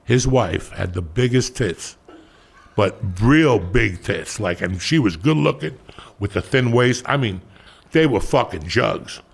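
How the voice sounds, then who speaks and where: Middle-aged male stand-up, raspy and gravelly, animated profane podcast storyteller. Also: fairly low pitch, a little slow. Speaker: stand-up comedian.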